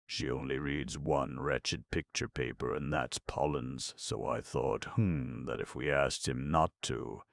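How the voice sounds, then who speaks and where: A man reading an audiobook, voicing a detached gentleman who muses in a hesitant way. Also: extremely low pitch, steady tone, measured pace, creaky, few pauses, no echo, clean studio sound, heavily acted. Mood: musing.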